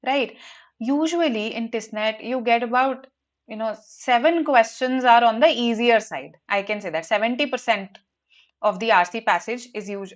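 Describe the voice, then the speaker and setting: A woman teaching an online grammar lesson, explaining lively and checking in with rhetorical questions. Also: a little high. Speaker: exam prep teacher.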